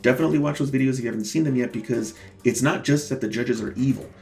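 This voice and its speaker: A man's voice: mid-range voice, fast, a little mellow. A man hosting his own vlog, walking viewers through his court filings in a casual but indignant, emphatic way and calling them "guys". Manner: indignant, emphatic, repeats key words for stress; talks straight to viewers as "guys". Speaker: self-represented litigant and channel host.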